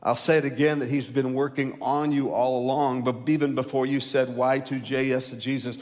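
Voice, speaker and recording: A male pastor preaching a sermon, rising loud and high to stress a point, then dropping low and slow. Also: level tone. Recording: long hall reverb.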